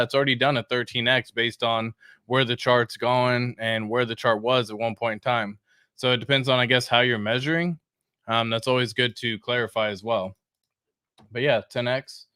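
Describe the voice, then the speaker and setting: A man's voice: mid-range voice, fairly bright tone, clean tone, no room sound, studio quality. A young man hosting a casual crypto livestream, hyped and slangy, greeting viewers by name.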